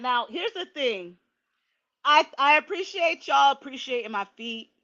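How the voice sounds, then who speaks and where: A woman hosting a casual livestream, chatty and animated, talking straight to her viewers. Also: high voice, highs cut off. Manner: chatty, animated, laughing asides. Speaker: livestream host.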